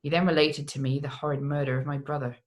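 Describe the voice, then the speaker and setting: A grave, stern nobleman from a gothic tale, as the reader puts him on. His foreign accent wanders in and out, and he speaks with weight and solemnity at an even pitch. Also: brisk, close to an everyday voice. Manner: put-on foreign accent that keeps slipping. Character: stern nobleman, a man back from prison. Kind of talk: audiobook character voice.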